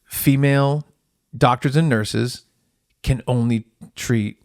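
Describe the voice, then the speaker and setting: A man's voice: medium pitch, fairly even intonation, slow, a little mellow, no room sound. Comedy podcast co-host, male, anecdotal storyteller, dry close sound. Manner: storytelling, acts out quoted people. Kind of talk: casual comedic chat. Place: podcast studio.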